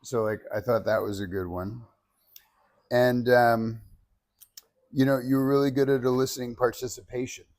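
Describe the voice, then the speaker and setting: A man leading a public speaking workshop, giving feedback and demonstrating techniques in an animated way. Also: medium pitch, normal speed, pauses often.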